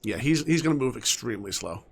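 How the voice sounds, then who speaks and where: A young man giving casual commentary while he plays a game, chatting to his characters and often dropping to soft mutters. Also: mid-range voice, expressive, fast talker, vocal fry, breathy edge. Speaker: gaming streamer.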